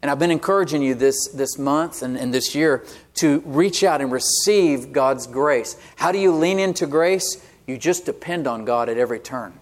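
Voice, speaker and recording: A man's voice: mid-range voice, moderate pace, few pauses. A man preaching a sermon as pastor, conversational and often asking the congregation "Amen?". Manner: call-and-response "Amen?" asides, conversational.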